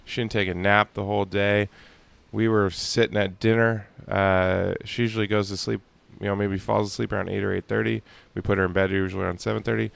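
A man's voice: low-pitched, creaky. A male podcast host chatting casually from a hotel room on vacation, telling a rambling story with lots of fillers. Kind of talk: casual chat.

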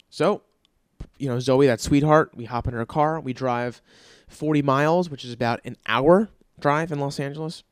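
A man telling a comic story with an animated, profane, ranting delivery. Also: medium pitch, moderate pace, smooth, no echo, studio quality.

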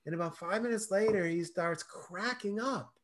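High-voiced, animated man telling stories. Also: moderate pace. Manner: expressive storyteller, acts out dialogue. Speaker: guest, self-love coach. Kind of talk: animated conversational interview.

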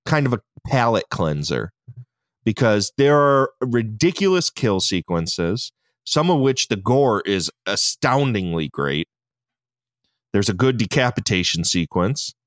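A man co-hosting a casual film podcast, his pitch swinging widely as he gushes and swears about the movie. He laughs easily, and his voice is close and dry, with no room sound. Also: sing-song, unhurried, no room sound. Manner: enthusiastic, profane, laughs often. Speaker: podcast co-host. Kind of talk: casual film review chat.

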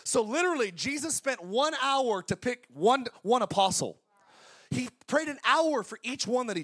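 A man in his forties preaching a sermon as pastor, energetic and conversational, with jokes. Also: extremely high pitch, moderate pace. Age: 40s.

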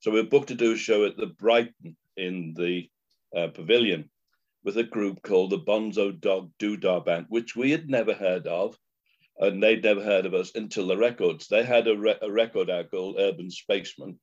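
A man tells a story as a guest, steady and matter-of-fact. His voice sits fairly low. The recording is dull and lo-fi. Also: normal speed. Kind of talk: anecdotal storytelling.

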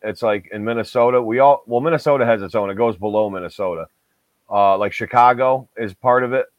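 A man's voice: mid-range voice, a little fast, dry recording. A man with a Binghamton-area upstate New York accent, talking in a rambling, self-correcting way. The audio is dull and lo-fi. The room sounds dry and close. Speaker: podcast co-host. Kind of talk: casual chat.

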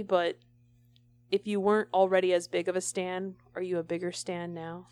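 A woman's voice: on the low side, little pitch movement, normal speed, a little mellow, clean tone. A young woman co-hosting a podcast, telling stories in an enthusiastic, chatty way. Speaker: podcast co-host. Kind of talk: casual chat.

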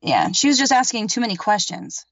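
Her mid-range voice is sing-song, fairly quick, creaky and a little bright as she tells an interviewer about a paranormal thing that happened to her. A podcast guest, she rambles emphatically, leans on filler words and curses freely, in a dry, echo-free room with somewhat dull, lo-fi sound.

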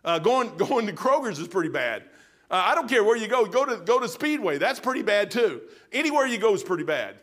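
Brief: male preacher, middle-aged, high-pitched, folksy and emphatic storyteller. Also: sing-song, brisk, fairly bright tone. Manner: folksy, storytelling, emphatic, addresses listeners as "man". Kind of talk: sermon.

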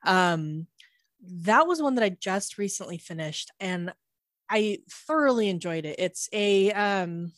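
A woman co-hosting a casual podcast, speaking in a relaxed, hesitant way with frequent restarts. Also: mid-range voice, a little slow, dry recording, clean studio sound. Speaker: podcast co-host. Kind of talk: casual chat.

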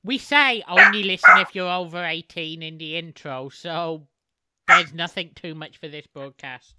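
A man's voice: fairly high pitch, moderate pace, very noisy. A man co-hosting a podcast in casual chat, joking and restarting his sentences. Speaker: podcast co-host.

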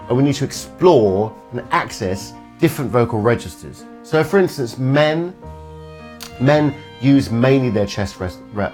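A man who is a singer and voice coach, giving a casual lesson on speaking and resonance, sometimes demonstrating voices. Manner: demonstrates voices, breaks into falsetto singing.

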